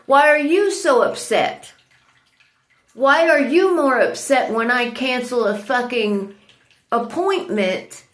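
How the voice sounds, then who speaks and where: A woman's voice: fairly high pitch, a bit bright. Furious ranting woman, profane and accusing. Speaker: vlogger. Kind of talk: angry confrontational rant.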